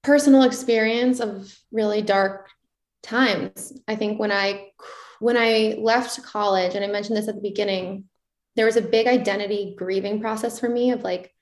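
A young woman speaking as an interview guest, candid and animated as she acts out her own inner questions. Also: mid-range voice, normal speed. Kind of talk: casual reflective interview talk. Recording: roomy echoey sound.

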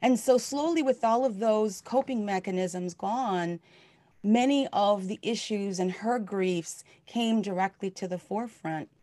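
A woman's voice: medium pitch, a little slow, mellow, dry recording. Earnest woman minister, dry close sound. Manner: earnest and heartfelt, conversational with many fillers. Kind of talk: sermon.

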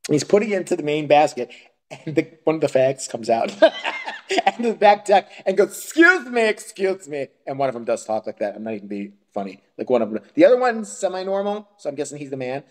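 Male podcast co-host; crude, profane storyteller with an animated, swinging delivery. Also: a little high, quick pace. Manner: crude, profane ranting storytelling with frequent laughter. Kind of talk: casual chat.

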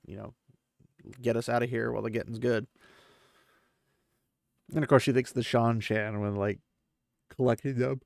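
A man with a gravelly voice recaps a book chapter in a loose, casual way, tossing in offhand asides. He is recorded close on a dry mic with no room sound. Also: medium pitch, no room sound. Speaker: podcast host recapping a novel.

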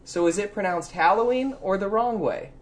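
A woman's voice: medium pitch, moderate pace. A woman co-hosting a podcast in casual chat, playful and teasing, arguing with mock outrage. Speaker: podcast co-host.

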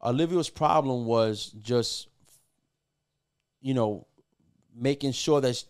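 A man's voice: mid-range voice, takes it slowly, clear, resonant tone. A middle-aged man, a music producer appearing as a podcast guest, telling stories casually with lots of cursing, fillers and restarts. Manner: profane, loose, filler-heavy with many restarts. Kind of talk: casual storytelling.

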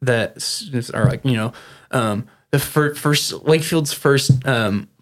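A man running a tabletop role-playing game as game master, describing scenes with many pauses and restarts. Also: medium pitch. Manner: halting, many fillers and restarts.

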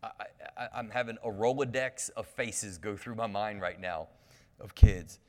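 A man's voice: fairly low pitch, a little slow. Male pastor preaching in an echoing church. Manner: lively storytelling with humor and call-outs to the congregation. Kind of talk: sermon. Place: church sanctuary. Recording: long reverb of a church hall.

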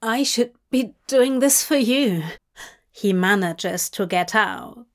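An eager man in love voiced by a woman narrator in an audiobook fanfic reading. He sounds earnest and slightly breathless, and the pitch sits a little on the high side. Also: expressive, slow pace.

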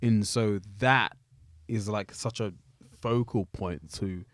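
Low-voiced candid man. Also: takes it slowly, dry recording. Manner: candid, reflective, joking asides. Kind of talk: casual chat.

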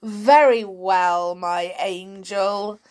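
A woman's voice: a little high, big pitch swings, slow, voice pushed up. A woman voicing a nasty, scheming old husband in a storybook reading, with a sly, mock-sweet gloating manner.

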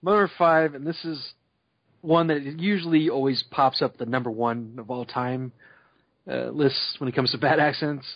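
A man's voice: medium pitch, steady tone, moderate pace, no room sound. A man co-hosting a casual podcast chat, rambling and laughing at his own points. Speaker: podcast co-host. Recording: dry dull lo-fi sound.

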